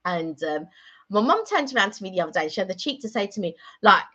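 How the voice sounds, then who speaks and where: A woman's voice: mid-range voice, sing-song, quick pace, a bit bright. A woman hosting a casual live stream chat, rambling and chatty with many fillers. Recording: dull lo-fi sound.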